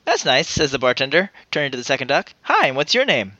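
Giggly bright-voiced man reading a joke. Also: mid-range voice, very animated, fast, no echo, muffled recording. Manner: giggly, laughs often, acts out quoted lines. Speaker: podcast co-host. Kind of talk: casual chat, reading a joke aloud.

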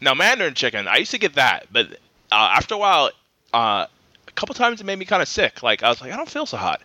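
A man's voice: medium pitch, very animated, fast talker, sharp tone, no room sound. A man co-hosting a podcast in casual chat, blunt and swearing casually. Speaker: podcast co-host.

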